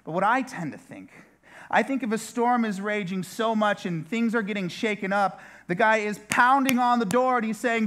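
A man's voice: very high-pitched, moderate pace, fairly bright tone. A male pastor preaching a sermon in a chatty way, turning often to the listeners with asides. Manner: conversational, with repeated asides to the listeners.

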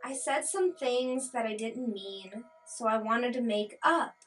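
A woman's voice: a little high, lively intonation, a little slow, a bit bright, distant mic, soft background music. A woman voicing an earnest, eager young college girl who is a lab partner with a crush.

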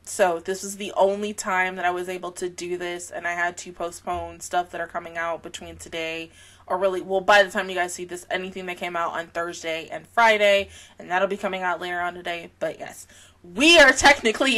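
A woman's voice: mid-range voice, steady tone, moderate pace, bright, forceful tone. Young woman host, worn out and sleepy, loose rambling reaction-vlog delivery. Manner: rambling, laughs often, casual slang and swearing. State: very tired and sleepy. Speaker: anime reaction channel host. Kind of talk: casual reaction vlog chat.

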